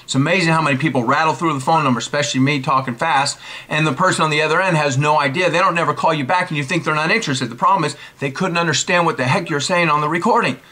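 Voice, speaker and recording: A man in his forties giving casual sales coaching, brisk and emphatic, repeating his key points. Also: on the high side, pushed and bright. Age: 40s. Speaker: network marketing coach. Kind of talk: casual instructional talk.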